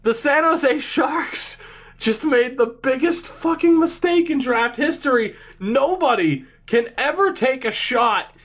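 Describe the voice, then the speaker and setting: Stunned, swearing man yelling in disbelief. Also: lively intonation, slow. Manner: stunned, swearing, laughing, pitch jumping high. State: overexcited, voice raised. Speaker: gaming YouTuber. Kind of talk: excited gameplay commentary.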